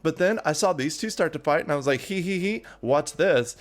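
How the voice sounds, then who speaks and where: A man voicing a bubbly, mischievous young woman who gushes and squeals with excitement in a tabletop game. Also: on the high side, fairly quick, faint music behind, pitched above the performer's own voice, lightly acted. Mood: giddy. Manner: squealing, gushing, breathless with excitement.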